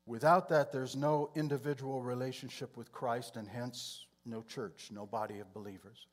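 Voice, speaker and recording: Male preacher, mid pitch, measured Bible teaching, clears throat often. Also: steady tone. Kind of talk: sermon.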